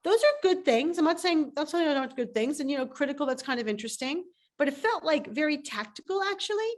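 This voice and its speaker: Animated woman coach, slightly high voice. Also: a little fast. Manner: animated, emphatic storytelling. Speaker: startup coach. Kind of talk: guest on a webinar interview.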